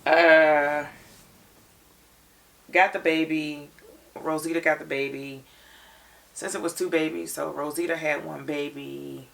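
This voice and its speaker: A woman co-hosting a reaction show, recapping an episode in an animated, detailed storytelling way. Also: low-pitched, slow, creaky, pauses often, recorded from a distance. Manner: expressive storyteller, retells scenes in detail.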